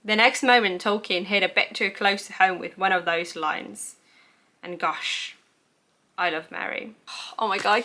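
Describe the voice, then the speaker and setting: A woman's voice: medium pitch, unhurried, pushed and bright. A young woman chatting casually about her recent reads, rambling and laughing at herself as she reads out her own notes. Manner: gushing, rambling, self-mocking, laughs at herself. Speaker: book vlogger. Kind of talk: casual book review chat.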